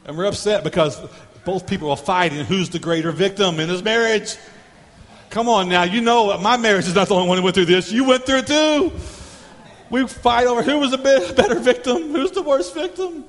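Man, pastor, sermon, high voice, repetitive preaching cadence, echoey church hall. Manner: repetitive preaching cadence, humorous role-play illustrations.

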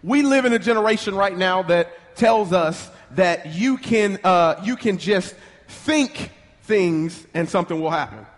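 A man preaching a sermon with fervent energy, leading the congregation in call-and-response and speaking in rapid bursts with restarts. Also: high-pitched, lively intonation, big-room sound.

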